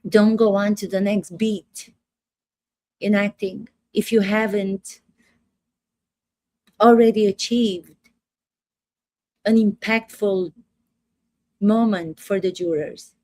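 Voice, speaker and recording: A woman's voice: mid-range voice, steady tone, takes it slowly, pauses often, darkish tone, no echo. A woman acting coach giving casual commentary to camera, emphatic and repetitive, asking rhetorical questions. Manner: emphatic, repeats phrases, asks rhetorical questions.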